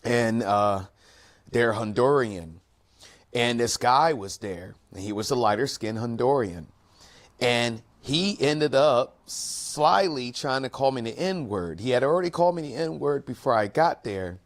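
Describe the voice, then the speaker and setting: A man hosts a casual commentary show, talking in an earnest, measured way. His voice sits at an ordinary middle pitch, and he pauses now and then as he lays out his point. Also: animated. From United States. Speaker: host.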